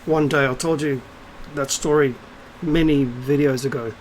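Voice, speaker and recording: This low-quality clip, with slight background noise, has a middle-aged spiritual vlogger delivering a casual ranting monologue straight to camera. He's blunt, scornful and swears freely, though his mid-range, slightly mellow voice stays steady at a normal speed.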